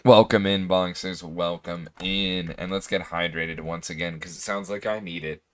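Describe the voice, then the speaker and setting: A low-pitched, hoarse male streamer talks loosely to his viewers, full of fillers and throat clearing. The sound is close and dry, with no room around it. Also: fairly even intonation, moderate pace, a bit bright, no echo. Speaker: game streamer. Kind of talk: casual livestream chat.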